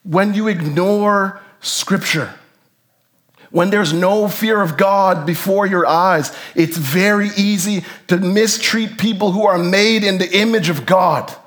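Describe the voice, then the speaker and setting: A man preaching a sermon as pastor, animated, his voice jumping up for emphasis and then dropping low. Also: takes it slowly. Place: church sanctuary.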